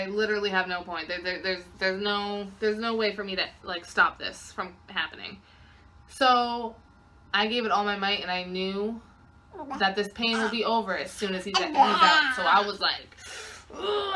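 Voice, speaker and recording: A woman's voice: medium pitch, bright, forceful tone, a little hiss or hum. A young woman vlogger casually recounting a personal story, chatty and full of fillers.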